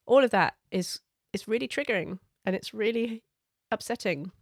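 A middle-aged woman coach giving parenting advice in an earnest, gentle, conversational way. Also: medium pitch, normal speed, no echo, clean studio sound.

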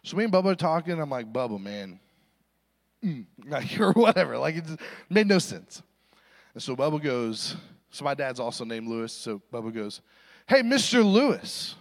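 A young adult man giving a sermon, telling a funny story and acting out voices in a self-deprecating way. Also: medium pitch. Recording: reverberant hall recording.

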